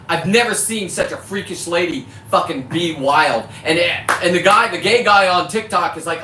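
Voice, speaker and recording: A man's voice: a little high, animated, moderate pace. A man from California, a fisherman vlogger, delivering a heated, profane rant to camera and catching himself on his cussing. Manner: heated, profane, self-correcting about cussing. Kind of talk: ranting monologue to camera. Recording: echoey, distant mic with faint background noise.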